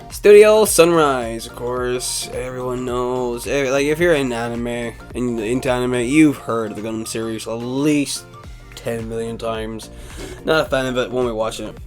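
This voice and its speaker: A young man hosting an anime season preview, reading blurbs aloud with offhand joking asides. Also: on the high side. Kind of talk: casual video commentary reading synopses. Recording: soft background music under voice.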